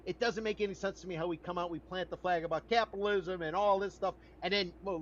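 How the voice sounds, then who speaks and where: A man's voice: high voice, fairly even intonation, fast talker, hardly any pauses, muffled recording. A man hosting a podcast, arguing in a blunt, emphatic and folksy way in casual debate. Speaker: podcast host.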